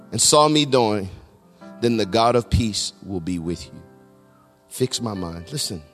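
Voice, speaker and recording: A middle-aged man preaching a sermon as pastor, swinging between loud shouts and hushed low tones. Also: big-room sound. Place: large church sanctuary.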